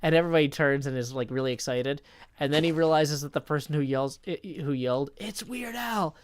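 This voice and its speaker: A man chatting casually on a live stream, reading viewer messages aloud and thinking out loud as he goes. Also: mid-range voice, fairly even intonation, fast talker, clear, resonant tone.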